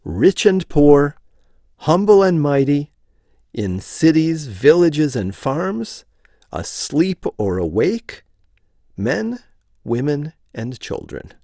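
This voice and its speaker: Slow, gravelly male storyteller. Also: fairly high pitch, very animated, dark tone, no echo. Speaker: reader. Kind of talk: informal audiobook narration.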